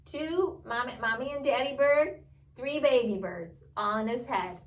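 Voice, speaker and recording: A woman librarian at storytime, gently reading a picture book and asking the children questions. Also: high-pitched, measured pace, distant mic.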